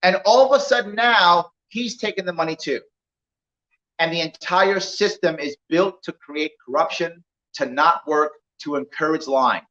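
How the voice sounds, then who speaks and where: A man speaking as a political candidate to a small crowd, an animated storyteller who acts out dialogue as he makes his points. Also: fairly high pitch, normal speed. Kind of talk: campaign talk with acted-out anecdotes. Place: indoor venue, roomy. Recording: echoey room, dull lo-fi sound.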